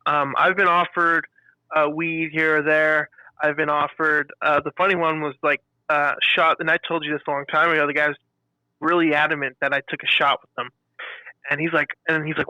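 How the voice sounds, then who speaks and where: A man co-hosts a casual podcast chat in a bright, somewhat high voice. He tells animated work stories and acts out what customers said. The sound is dry and close. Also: a little fast, no echo, poor audio. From California. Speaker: podcast co-host.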